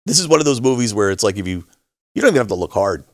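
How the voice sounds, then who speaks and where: Middle-aged man, podcast co-host, casual storytelling, lively swooping pitch, bursts into high voices for quoted lines, dry close sound. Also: rapid-fire, dry recording. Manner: animated storyteller, acts out quotes with big pitch jumps. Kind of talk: casual chat.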